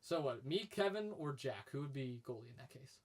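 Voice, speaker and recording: A young man co-hosting a casual podcast on a headset mic. He talks in an animated way, laughs often, and jumps into high, excited voices when he tells stories. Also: brisk. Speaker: podcast co-host. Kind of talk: casual chat.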